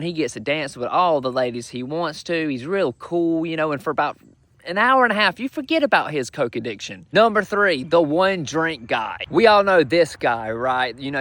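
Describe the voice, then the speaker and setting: A man's voice: on the high side, no echo. Crude young man joking, close and dry. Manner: crude, brash, with loud punchlines. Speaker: comedian. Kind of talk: stand-up style comedy monologue.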